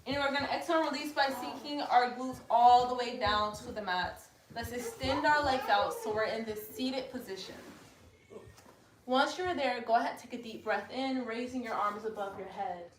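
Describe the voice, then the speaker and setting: A woman leading a casual guided yoga class at home, giving relaxed cues with joking asides. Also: on the high side, moderate pace. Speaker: yoga instructor. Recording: echoey room, mic far off, faint noise.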